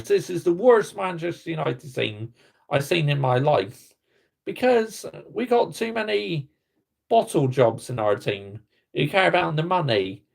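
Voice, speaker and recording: A man ranting on a livestream, greeting his chat and swearing bluntly as he vents about football. His voice is gravelly and creaky, pitched a little higher than most men's. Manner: heated and blunt, swearing, talking to chat viewers. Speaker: football fan streamer. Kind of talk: casual livestream rant.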